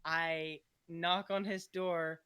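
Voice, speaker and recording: Lively storytelling man, dry close sound. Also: on the high side, extremely slow, clean tone, no room sound. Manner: animated storyteller, loud shouted quotes. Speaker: guest friend. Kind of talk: casual podcast chat.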